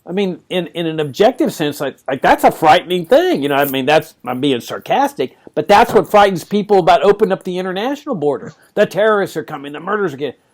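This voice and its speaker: A man from Texas, hosting a podcast discussion, animated and sometimes sarcastic, swinging his pitch up for emphasis. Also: fast, few pauses. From Laredo, Texas. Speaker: host.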